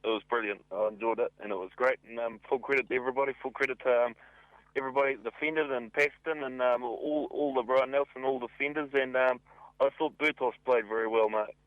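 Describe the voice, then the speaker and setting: A man's voice: medium pitch, steady tone, fast talker, dry recording. A man with a New Zealand accent calling into a radio show and rambling, with lots of filler words. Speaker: radio caller. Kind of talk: casual phone call. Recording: tinny phone line.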